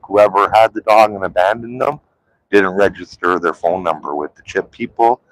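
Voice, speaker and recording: Very deep-voiced man rambling on a live stream. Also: no room sound, rough recording. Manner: rambling, loose and chatty, lots of "like" and "um". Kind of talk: casual live-stream chat.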